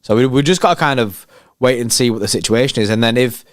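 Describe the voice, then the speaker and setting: Fast and medium-pitched, this male fan-channel host riffs through a live match watchalong with hyped, slangy banter aimed at his chat. His resonant voice comes through close and dry, with no echo at all.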